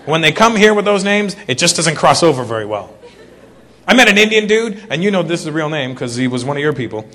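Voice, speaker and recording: A man performing a stand-up comedy routine, telling stories with lively delivery and acted-out voices. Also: a little high, quick pace, big-room sound, some chatter behind. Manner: animated storytelling, acts out silly voices.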